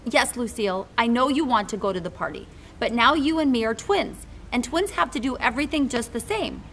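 A woman reading aloud and voicing a bossy, excitable little girl of about five, loud and emphatic. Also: fairly high pitch, brisk, slight background noise, voice pushed up. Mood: huffy.

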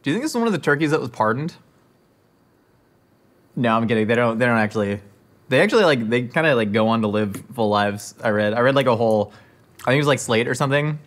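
Speaking in a mid-range voice, this host talks fast and animatedly but leaves long pauses. In his scripted comedy monologue to camera, he rambles through awkward dinner-table small talk, tripping on fillers, restarting, and wandering from topic to topic, with no recording fault mentioned.

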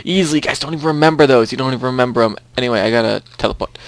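A man's voice: medium pitch, racing, no room sound. Chatty young man rambling over gameplay. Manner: chatty, rambling, repeats himself. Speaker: let's play host. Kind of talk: casual gaming commentary.

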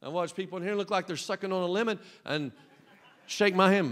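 A man preaching a Pentecostal sermon as pastor, emphatic and joking, dropping to a hush and then rising to loud cries. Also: sits high, a little fast. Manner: emphatic, swinging from hushed to loud, joking asides. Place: church sanctuary with balcony. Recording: long church hall reverb.

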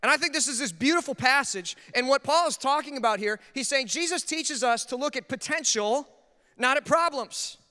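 Man, pastor, sermon, high voice, smooth tone, long hall reverb. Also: lively intonation, moderate pace, pushed and bright. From Minnesota. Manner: humorous, self-deprecating storytelling. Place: church sanctuary.

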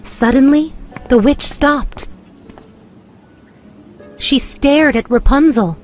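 Woman narrator for a kids' story, unhurried, clear, expressive, lively lilt, soft music behind. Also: high voice. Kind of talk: scripted children's story narration.

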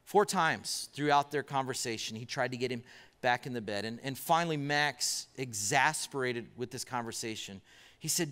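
A man's voice: mid-range voice, bright, forceful tone. A man preaching a sermon as pastor, telling a story and posing repeated questions to the congregation. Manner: storytelling with pauses and rhetorical questions. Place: church auditorium. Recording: church hall reverb.

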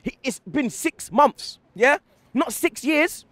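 Young guy going off about his team, high voice, bouncing all over, slangy and loud. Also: animated, no room sound. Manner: fast, emphatic, slang-heavy, repeats "blood" and "yeah". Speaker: football fan giving post-match reaction. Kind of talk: heated post-match fan rant.

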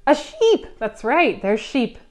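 A woman reading a picture book aloud at a preschool storytime, gently coaxing the children with questions. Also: sits high, sing-song, slow pace. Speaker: children's librarian.

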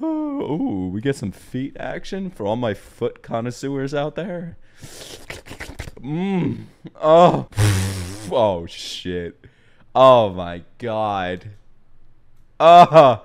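A young man hosting an anime reaction video, talking casually, swearing freely, breaking into laughs and shouts. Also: medium pitch, very animated, extremely slow, long pauses.

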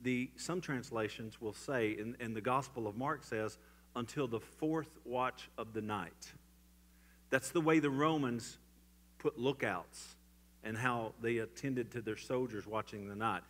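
A man preaching a church sermon, swinging from loud emphatic lines to hushed, quiet ones. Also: medium pitch, measured pace. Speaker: pastor. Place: church sanctuary.

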